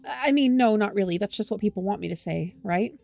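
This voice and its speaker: Woman doing a sad teen boy, soft and sniffly. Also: medium pitch, fairly quick, vocal fry, faint music behind, natural voice. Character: heartbroken tearful teen boy.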